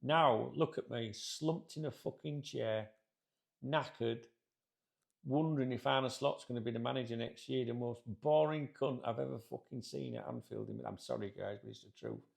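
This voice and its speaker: Gravelly, sweary Scouse man ranting. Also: mid-range voice, lively intonation, moderate pace. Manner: sweary, rambling, grumbling. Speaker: football channel host. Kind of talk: casual rant to camera. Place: sat in a chair indoors.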